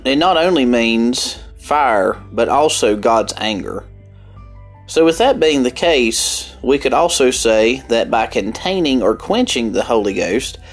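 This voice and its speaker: A man preaching with a country accent, unhurried and earnest, dwelling on each word before pushing into emphatic lines. His voice sits at an ordinary middle pitch, and soft music plays faintly underneath. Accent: Southern US country. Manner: earnest, deliberate, breaks into emphatic bursts. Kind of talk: Bible study sermon.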